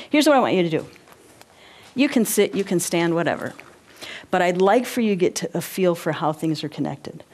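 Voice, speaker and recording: A woman presenting a live workshop, animated, guiding listeners through movements and often checking in with them. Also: lowish voice, fairly quick, slight background noise. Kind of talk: live interactive workshop talk.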